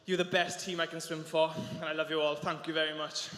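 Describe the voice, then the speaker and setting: A young man with a Welsh accent giving a halting, emotional interview after a race, in a large indoor arena. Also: on the high side, little pitch movement, noisy background. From South Wales. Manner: halting, with many restarts and fillers. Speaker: interviewed swimmer. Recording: long arena reverb.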